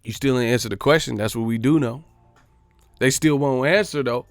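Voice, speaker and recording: A man's voice: mid-range voice, moderate pace, no room sound, faint music behind. A man hosting a boxing live stream, ranting in a profane, mocking, repetitive way.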